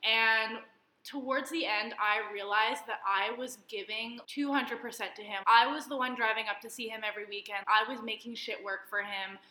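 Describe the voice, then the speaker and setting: A woman's voice: a little high, fairly even intonation, moderate pace, sharp tone, roomy sound. A young woman co-hosting a casual podcast, blunt and passionate, swearing freely as she talks. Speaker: podcast co-host.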